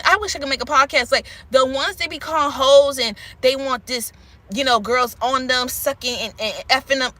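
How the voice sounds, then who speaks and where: A woman's voice: sits high, pushed and bright. A woman vlogger ranting candidly and rambling to camera, swearing freely. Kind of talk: unscripted rant to camera.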